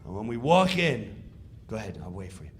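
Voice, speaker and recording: A middle-aged man, a comedian telling a stand-up story, loud and animated as he acts out scenes. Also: on the low side, a little fast, slight background noise.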